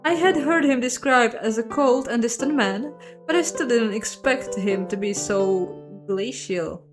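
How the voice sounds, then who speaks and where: A woman's voice: fairly high pitch, animated, measured pace. A woman narrating a story game, breaking off into chatty, self-mocking casual asides. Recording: guitar music behind the voice.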